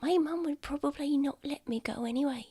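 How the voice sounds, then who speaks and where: A woman voicing a curious, sneaky little girl in whispered role-play, speaking in a soft hushed whisper. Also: high-pitched, a little fast, pitched above the performer's own voice. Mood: eager whisper.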